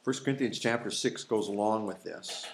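His voice is fairly low and creaky, moving at a moderate pace, with some hiss or hum in an echoey room. This Bible teacher runs a folksy, conversational study for a small group in a church meeting room, tossing out rhetorical questions and acting out quotes.

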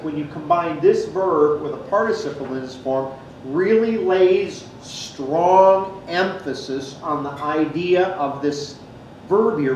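Guy teaching bible study, kinda high voice, echoey room w/ faint hiss. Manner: explanatory, points to a board. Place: classroom or church hall.

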